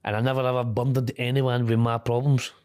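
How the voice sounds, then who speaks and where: A man's voice: medium pitch, flat delivery, a little fast, a little mellow, no room sound. Blunt, salty Scottish man, dry sound. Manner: blunt, swears casually, laughs easily. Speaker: interview guest. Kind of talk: candid conversational interview.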